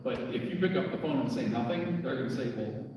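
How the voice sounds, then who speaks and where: A man's voice: medium pitch, animated, quick pace, a little mellow, muffled recording, slight background noise. A man giving a casual talk to an audience about scams, chatty and storytelling, laughing at his own jokes. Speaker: workshop speaker on scams. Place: echoey church hall. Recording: echoey hall from far off.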